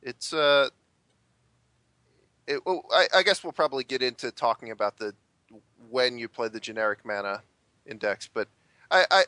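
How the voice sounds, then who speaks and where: A man who is a guest on a podcast, talking in a measured way with hesitant restarts. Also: medium pitch, expressive, sharp tone, clear, resonant tone, no echo. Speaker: podcast guest, professional card player. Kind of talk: casual interview chat.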